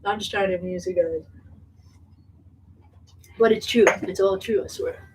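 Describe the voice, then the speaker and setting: A singer with a medium-pitched, somewhat dark voice speaks at a moderate pace, telling a loose, laugh-heavy story to a small audience at an indoor venue. Fillers and swearing run throughout, and a distant mic adds faint noise.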